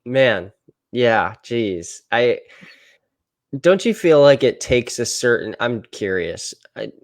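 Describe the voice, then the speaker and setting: A man's voice: mid-range voice, lively intonation, slow pace, dry recording. Man with a dry close sound, groping for words. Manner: thoughtful, searching for words. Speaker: podcast host. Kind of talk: casual interview.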